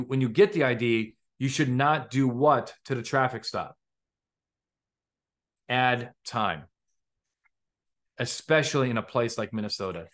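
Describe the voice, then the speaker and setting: A man hosts a live legal training for police over an online call. He lectures in a casual, chatty way at a middling pitch. He keeps throwing questions back at his listeners. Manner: conversational, quizzes the audience with questions.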